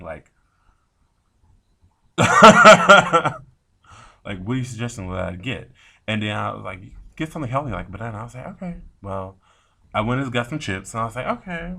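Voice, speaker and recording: A man telling a rambling story to camera, animated and often swearing, acting out both sides of the talk. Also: lowish voice, gravelly. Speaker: vlogger. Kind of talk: casual storytime rant.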